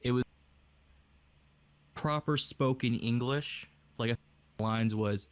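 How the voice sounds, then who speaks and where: A man's voice: medium pitch, takes it slowly, long pauses, clean tone, no echo. A young man from Hawaii, an aspiring voice actor, chatting casually in a rambling way over a voice call. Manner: rambling, casual, with many fillers. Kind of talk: casual podcast chat.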